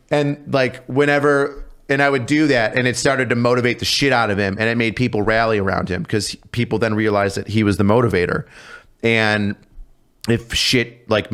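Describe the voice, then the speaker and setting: A man in his thirties, a former drill sergeant, telling a story casually on a podcast, swearing freely. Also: fairly low pitch. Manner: animated, profane, acts out shouted exchanges.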